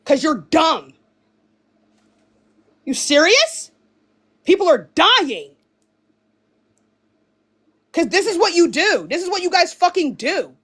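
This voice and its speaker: Young woman streamer with a high, animated voice, spitting profane insults in a live rant. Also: slow pace, long pauses. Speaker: livestreamer.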